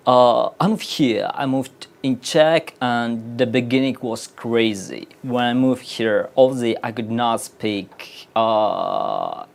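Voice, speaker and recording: A young man with a Russian accent speaks in a gravelly, rough voice. He tells his story in a loose, casual interview chat, rambling and restarting with plenty of fillers, at an even, middle pitch. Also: slow pace, few pauses. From Uzbekistan. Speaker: guest, artist at the studio.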